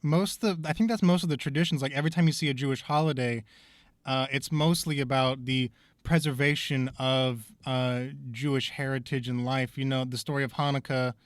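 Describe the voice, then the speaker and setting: A man's voice: mid-range voice, fairly even intonation, fairly quick, no echo, clean studio sound. A man co-hosting a podcast, talking in a rambling, thoughtful way with lots of fillers. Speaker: podcast co-host. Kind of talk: casual podcast discussion.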